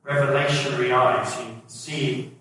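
A man's voice: mid-range voice, steady tone, moderate pace, a bit bright, distant mic, a little hiss or hum. Male preacher in an echoey hall. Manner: conversational, asks the congregation questions. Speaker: pastor. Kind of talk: sermon. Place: church hall.

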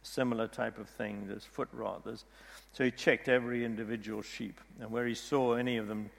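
A man's voice: medium pitch, level tone, normal speed, gravelly, big-room sound. A man telling a long story to listeners, often restarting and repeating words as he goes. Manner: rambling storyteller with frequent restarts. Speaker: speaker retelling a story from a book. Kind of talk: storytelling talk.

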